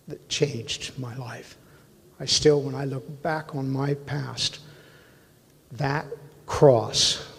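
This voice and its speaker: A man with a husky, breathy voice tells his conversion story before a congregation, earnest and full of feeling. His words ring out with a long reverb through a church sanctuary. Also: mid-range voice. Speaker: church member giving testimony. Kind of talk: personal testimony to a congregation.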